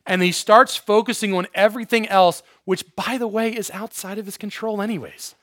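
A man with a high voice preaches to a youth group in a casual, lively way, acting out scenes and cracking jokes as he goes. The recording is dry and close, with little room sound. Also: a little fast, no echo. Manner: casual, animated storytelling with jokes. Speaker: youth pastor. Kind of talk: sermon.

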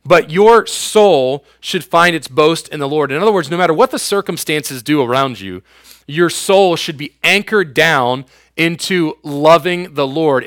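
A man's voice: on the high side, a bit bright, no echo, studio quality. A man in his thirties preaching a youth sermon as youth pastor, casual and slangy, with everyday asides to his listeners.

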